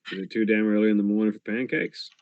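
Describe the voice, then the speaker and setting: Low-voiced man role-playing in character, calm and teasing, on a dull close mic. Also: quick pace, gravelly, no echo. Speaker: tabletop game player. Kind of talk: in-character role-play chat.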